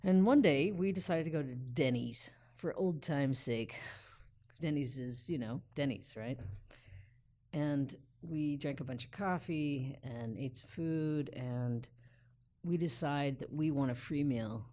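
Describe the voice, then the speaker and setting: A woman telling a personal story aloud in an unhurried, vivid way with dramatic pauses. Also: a bass voice, mellow.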